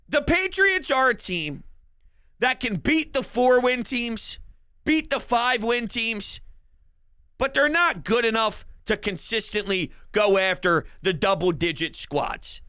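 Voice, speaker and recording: A man hosting a sports podcast, giving excited fan commentary with boastful, hyped talk and bursts of shouting. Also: extremely high pitch, slow pace, clean tone, no echo.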